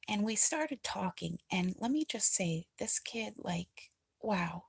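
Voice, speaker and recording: A woman talking in a casual, confessional way, feeling low and emotional, soft-spoken and rambling with many pauses, often dropping into a breathy near-whisper. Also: dry recording. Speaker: vlogger.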